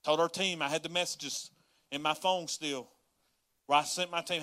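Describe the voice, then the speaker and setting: A man preaching a sermon as a pastor, folksy and conversational, rising to loud pleading. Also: on the high side, fairly even intonation, normal speed, long pauses, clear, resonant tone. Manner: folksy Southern-style preaching, rising to yelling in acted prayers.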